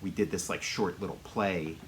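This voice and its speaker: A man's voice: sits low, fairly even intonation, moderate pace, slight background noise. A man co-hosting a casual podcast, rambling through stories and swearing freely. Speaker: podcast co-host. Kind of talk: casual chat.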